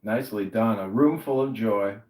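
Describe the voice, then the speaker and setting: A man hosting a social audio chat room who leads the group in loud, repeated chants. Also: on the low side, normal speed, echoey room, low-quality recording. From Chicago area.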